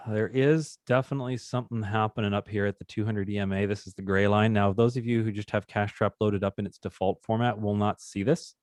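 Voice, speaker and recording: Low-ish guy casually teaching a trading call over a computer mic, chatty and upbeat, jokes around. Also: steady tone, brisk, darkish tone, dry recording, clean studio sound. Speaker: trading instructor hosting a live session. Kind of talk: casual live trading demonstration.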